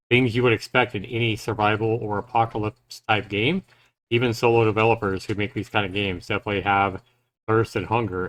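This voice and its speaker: A man's voice: on the low side, fairly bright tone. A man giving casual live reaction commentary on a game trailer, thinking aloud in a loose, rambling way.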